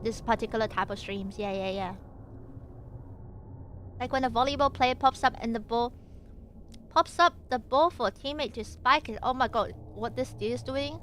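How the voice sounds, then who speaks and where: A woman's voice: on the high side, moderate pace, long pauses, a bit bright, a little hiss or hum. A young woman streamer reading aloud and chatting with viewers, playful and giggly with lots of jokey asides. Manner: chats with viewers between passages. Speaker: VTuber streamer.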